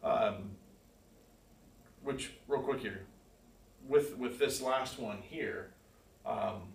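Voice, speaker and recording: A man's voice: medium pitch, very slow. A man teaching a church Bible class in a casual, conversational way, asking the class questions and reading verses aloud with emphasis. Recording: echoey room, far from the mic, faint hiss.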